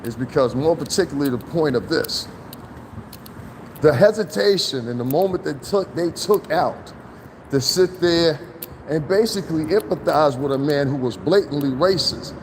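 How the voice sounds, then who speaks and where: A man vlogging outdoors on his phone by a fence, talking casually and profanely, getting animated as he rants. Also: normal speed. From New Jersey, US. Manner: animated, profane, rising to heated pitch when worked up. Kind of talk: casual outdoor commentary vlog. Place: outdoors by a fence, near traffic. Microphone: handheld phone camera. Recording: outdoor phone recording with traffic noise.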